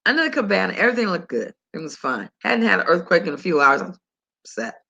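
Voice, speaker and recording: An older woman hosting a health talk, telling a story in a chatty, animated, conversational way. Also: lowish voice, fast talker, creaky, slightly rough, lo-fi sound. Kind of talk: casual monologue to listeners.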